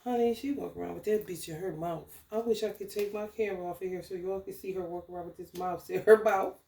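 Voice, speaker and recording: A woman ranting casually in a spiritual vlog, profane and animated, breaking into laughter. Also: on the low side, fast talker, gravelly, echoey room. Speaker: spiritual tarot reader.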